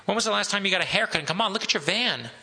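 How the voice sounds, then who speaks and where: A man's voice: sits high, expressive, very fast, gravelly, bright, forceful tone, pitched above the performer's own voice, heavily acted. A man voicing a blunt, pushy middle-aged restaurant manager in a novel read aloud. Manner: pushy, street-smart.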